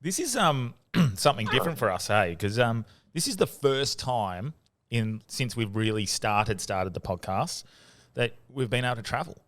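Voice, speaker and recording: Australian man, podcast host, relaxed, chatty, easily amused, mid-pitched voice. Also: normal speed. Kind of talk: casual podcast chat.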